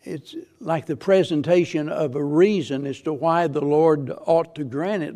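Guy preaching a sermon, gravelly voice, a bit high, earnest and repeats himself a lot. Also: unhurried, hardly any pauses, warm tone. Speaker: pastor.

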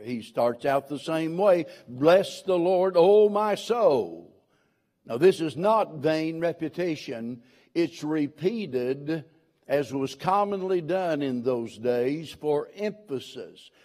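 Slow, mellow-voiced male preacher. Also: on the high side. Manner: slow and deliberate, stressing scripture quotes. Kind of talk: sermon. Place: church.

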